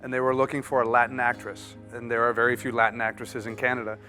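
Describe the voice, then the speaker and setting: A man, an actor, talking casually as a studio guest, relaxed and self-deprecating with stammered restarts. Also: mid-range voice, quick pace, soft background music. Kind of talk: casual interview chat.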